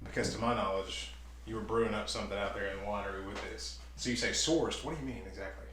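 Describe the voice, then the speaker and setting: A man's voice: lowish voice, quick pace, a bit bright. A man co-hosting a casual wine tasting chat, teasing and playful. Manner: teasing, playful, laughs often. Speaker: co-host. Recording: echoey room with faint noise.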